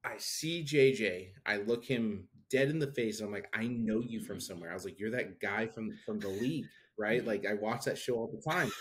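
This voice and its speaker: A man in his thirties, co-hosting a podcast, telling a story in a casual, animated way and acting out the people he quotes. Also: lowish voice, normal speed. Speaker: podcast co-host. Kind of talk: casual chat.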